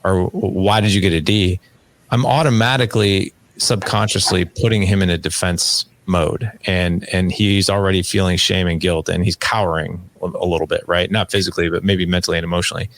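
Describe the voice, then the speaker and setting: A man in his forties talks as a guest on a podcast, with a low voice and plenty of vocal fry. He tells stories with energy and slips into the voices of the people in them. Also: fairly quick, hardly any pauses. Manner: animated storyteller acting out dialogue. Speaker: podcast guest, fatherhood coach. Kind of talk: casual interview conversation.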